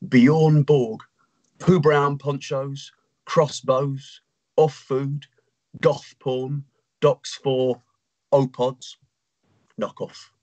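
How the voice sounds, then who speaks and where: Guy doing a slow careful poetry reading over a video call, medium pitch. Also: darkish tone. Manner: deliberate, word-by-word delivery. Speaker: poet performing. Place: home.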